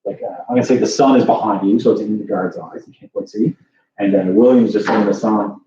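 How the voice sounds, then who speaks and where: A man's voice: on the low side, steady tone, fast talker, warm tone. A man running a tabletop game as dungeon master, narrating casually with lots of fillers. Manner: rambling, many fillers and "like". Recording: distant echoey lo-fi room mic with faint hiss.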